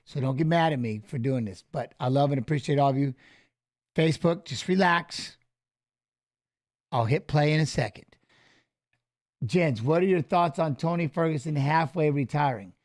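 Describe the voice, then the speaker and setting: A middle-aged former fighter hosting a casual live stream, rambling through stories and swearing freely. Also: male voice, a little high, darkish tone. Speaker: show host and former fighter.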